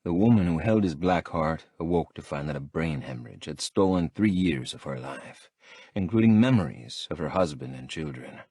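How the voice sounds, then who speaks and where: Low, husky male audiobook narrator. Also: animated, normal speed, dark tone, no echo. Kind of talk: first-person audiobook narration.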